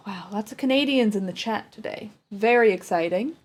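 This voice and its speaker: A woman from the United States chats casually on her stream, her voice mid-range and her pace moderate. Now and then she switches topics to coo at her dog in baby talk.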